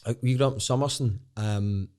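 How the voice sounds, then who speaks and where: A man's voice: medium pitch, a little fast, dark tone, clean tone. Glasgow guy, comedian on a podcast, rambly, keeps restarting, swears a lot. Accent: Scottish, Glaswegian. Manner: rambling, self-interrupting, swears casually. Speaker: guest, stand-up comedian. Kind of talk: candid podcast storytelling.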